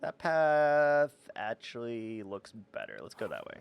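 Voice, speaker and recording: A man's voice: medium pitch, animated, a little slow, hardly any pauses. A man streaming a game live, chatting casually in a rambling, self-deprecating way.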